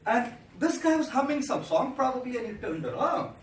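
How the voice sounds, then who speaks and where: A man speaks as a monk giving a motivational talk. He tells an anecdote with lively rhetorical repetition. The sound is roomy and distant, with a noisy echo from a large hall. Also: very high voice, brisk. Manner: animated storyteller with rhetorical repetition. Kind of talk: motivational speech with storytelling. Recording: echoey hall from a distant mic.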